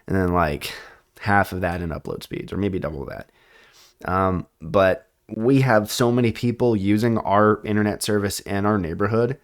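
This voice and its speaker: A man hosting a casual chat show, laughing often and breaking into loud bits. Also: on the low side, normal speed. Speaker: podcast host.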